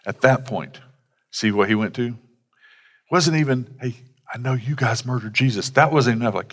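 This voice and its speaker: A man's voice: medium pitch, normal speed, fairly bright tone. A man, a pastor, preaching a sermon in a conversational way with casual asides. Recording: long hall reverb.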